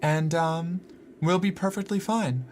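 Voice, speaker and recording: A man's voice: fairly high pitch, fairly even intonation, a little slow, slight background noise. A man streaming live from home, chatting casually with his viewers in a sarcastic, exasperated way and swearing now and then. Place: home room.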